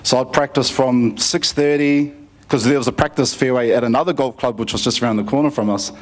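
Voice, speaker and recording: A man tells his own life story to a conference audience. His delivery is easygoing and full of fillers and restarts, at a mid-range pitch for a man. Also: steady tone, a little fast. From New Zealand. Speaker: conference speaker giving a testimony. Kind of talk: personal testimony story.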